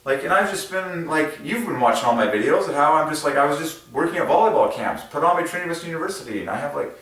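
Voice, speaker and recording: This fast talker hosts a religious numerology video, rambling casually and excitedly with plenty of fillers while his pitch jumps suddenly. The recording captures heavy echo, with the mic placed far away.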